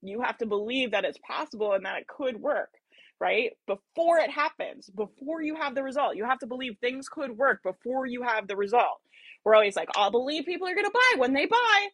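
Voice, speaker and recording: A woman's voice: fairly high pitch, moderate pace, breathy edge, no echo. A woman giving a motivational business talk, emphatic and repetitive, often acting out whiny self-talk and laughing at herself. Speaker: business coach.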